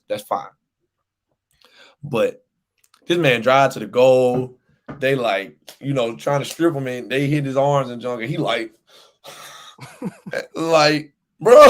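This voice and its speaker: A man co-hosting a sports podcast rants with real heat. He repeats his points and laughs between lines. His voice sits at an everyday middle pitch. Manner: animated ranting, repeats himself, laughs often. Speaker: podcast co-host. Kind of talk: casual sports chat.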